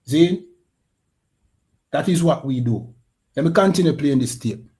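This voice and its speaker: Guy hosting a radio show, preachy and emphatic, keeps checking you're following, voice sits a bit high for a man. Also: lively intonation, unhurried, dark tone. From Jamaica. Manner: emphatic, keeps asking "you understand?". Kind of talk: preaching commentary on a played clip.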